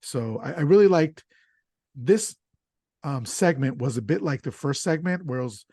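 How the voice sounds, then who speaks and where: A man's voice: a little high, normal speed, husky, no room sound, clean studio sound. Man host retelling a film plot. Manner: animated retelling of a plot with fillers. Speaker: podcast host. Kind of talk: casual film discussion.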